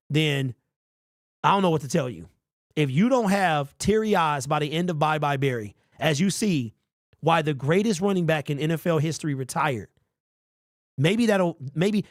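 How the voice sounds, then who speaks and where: A man hosting a sports fan call-in show, talking in an energetic, slangy way. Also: on the high side, no room sound, clean studio sound. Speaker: postgame show host.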